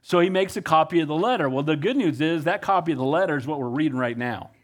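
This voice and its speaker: A middle-aged pastor preaching a conversational, animated sermon, often asking his congregation "Amen?". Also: fairly high pitch, fast.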